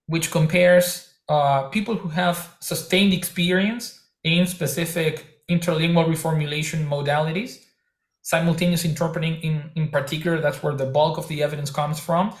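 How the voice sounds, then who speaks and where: Man, slightly higher voice, careful halting academic answers, echoey room. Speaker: researcher guest.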